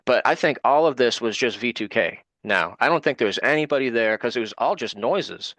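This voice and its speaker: A man, speaking as an interview guest and telling a story at ordinary pitch. He acts out what others said as he goes, and the voice sounds dry and close. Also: expressive, a little fast, fairly bright tone, no room sound. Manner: retells events with quoted dialogue.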